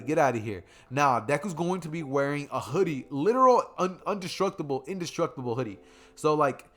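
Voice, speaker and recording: A man's voice: medium pitch, fairly bright tone. A young man casually retelling his own fan story, rambling, slangy and correcting himself as he goes.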